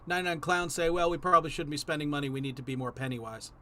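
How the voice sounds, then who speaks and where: A man with a slightly high voice tells improvised bar jokes and delivers the punchlines flat and low-key. He sounds like he is on a video call. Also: rapid-fire. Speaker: improv performer. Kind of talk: improvised joke-telling.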